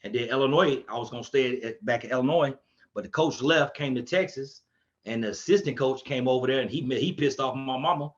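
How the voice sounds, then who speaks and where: Guy telling old football stories, gets loud doing other people's lines, kinda muffled lo-fi audio. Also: medium pitch, fairly quick. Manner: animated, acts out quotes in a raised voice. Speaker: podcast guest, coach. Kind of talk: casual storytelling chat.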